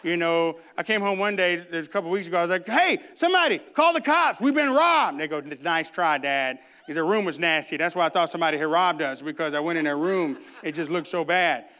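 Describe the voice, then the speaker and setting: A man's voice: a little high, steady tone, fairly quick, few pauses, pushed and bright. A man preaching a sermon, telling a funny family story and acting out the dialogue before turning to scripture. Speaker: pastor.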